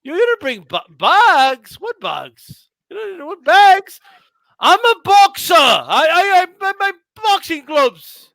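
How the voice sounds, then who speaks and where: A man's voice: very high-pitched, very animated, slow pace, gravelly, pushed and bright, no room sound, voice pushed up, heavily acted. A man doing a flustered boxer with a mock English accent. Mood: exasperated. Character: flustered young male boxer complaining.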